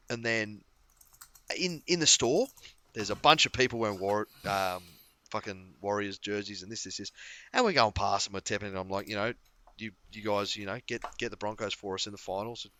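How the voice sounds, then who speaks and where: Bright-toned man telling a story. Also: lowish voice, no echo. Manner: storytelling, laughing, swearing freely. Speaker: podcast co-host. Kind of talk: casual chat.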